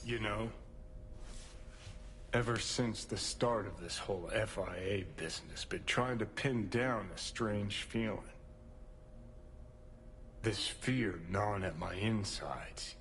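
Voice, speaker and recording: A brooding, brash rocker ghost. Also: male voice, fairly low pitch, a bit bright, slight background noise. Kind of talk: video game voice acting.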